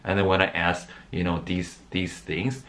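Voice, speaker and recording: A man's voice: deep voice, level tone, a little slow, a bit bright, slight background noise. A man giving an informal sermon, often restarting his words and rising into emphatic bursts. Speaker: preacher.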